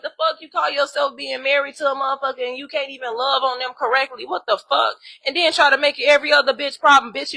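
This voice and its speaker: Bright-voiced woman ranting bluntly. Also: sits high. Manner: blunt, heavy swearing, animated and exasperated. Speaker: spiritual vlogger. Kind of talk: profane ranting monologue.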